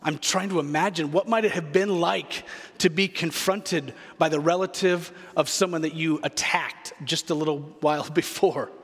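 A man's voice: on the high side, fairly even intonation, normal speed, a bit bright, breathy edge, big-room sound. A man preaching a sermon as a pastor, reflective and earnest, repeating key phrases for weight.

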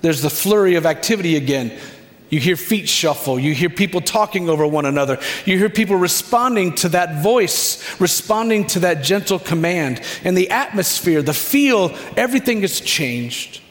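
A man preaching, leading listeners through a scripture scene in the second person, with a reflective manner and dramatic pauses. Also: high voice, animated. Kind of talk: guided scripture meditation. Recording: long hall reverb.

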